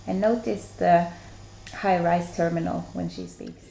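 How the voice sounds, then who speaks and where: A woman giving a scripted lesson, explaining points in a measured way as she reads from notes. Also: fairly low pitch, steady tone, creaky, mellow. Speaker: student presenter.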